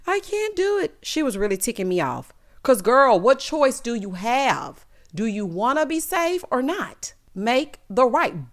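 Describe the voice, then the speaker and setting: A woman giving a casual, sassy recap of a reality show, talking straight to her viewers. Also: medium pitch.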